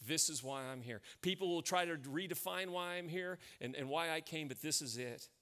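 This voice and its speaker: A man's voice: fairly high pitch, normal speed, bright, forceful tone. Man, American accent, pastor, sermon, storytelling, emphatic, repeats phrases.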